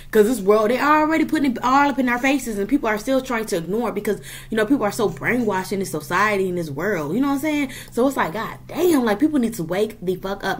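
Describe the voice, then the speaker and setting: This tarot reader has a husky, mid-range voice. She reads cards casually for her viewers, swearing with emphasis and tagging her points with "okay?" and "period."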